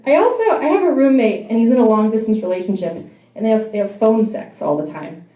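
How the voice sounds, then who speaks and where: A woman's voice: fairly high pitch, expressive, quick pace, mellow, roomy sound, poor audio. Wry, self-deprecating young woman comic. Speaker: stand-up comedian. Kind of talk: stand-up comedy set. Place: bar venue.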